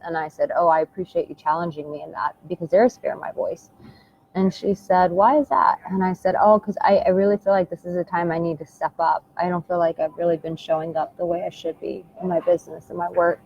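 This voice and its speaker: Earnest woman coach, soft and intimate. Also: on the low side. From United States. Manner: earnest, soft and intimate, with repeated phrases and endearments. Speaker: dating and relationship coach. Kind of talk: heartfelt motivational talk to camera. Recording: dull lo-fi sound with faint background hiss.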